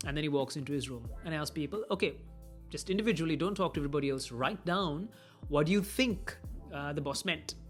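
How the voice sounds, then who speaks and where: A man gives communication advice in a relaxed, conversational way. He slips into the voices of the people he quotes. Soft music plays faintly behind him. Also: a little high, fast. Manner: conversational, acts out quoted dialogue. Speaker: communication trainer. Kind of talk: casual motivational talk.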